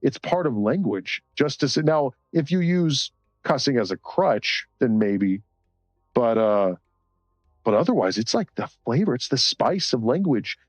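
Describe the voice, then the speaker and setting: A man's voice: mid-range voice, sing-song, unhurried, no room sound. A man chatting casually on a live stream while coloring, rambling and cursing freely between short laughs.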